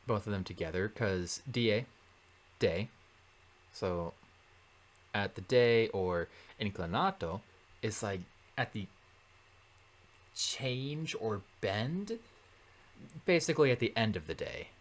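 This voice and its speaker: A man working through a Latin translation in a relaxed lesson, thinking aloud with many fillers and self-corrections. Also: lowish voice, takes it slowly, pauses often. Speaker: Latin tutor. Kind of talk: casual translation walkthrough.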